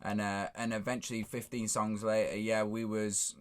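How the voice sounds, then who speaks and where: A man in his thirties, a songwriter, talking casually and reflectively in a halting, rambling way full of fillers. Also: fairly low pitch, flat delivery, clear, resonant tone. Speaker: songwriter and co-lead singer.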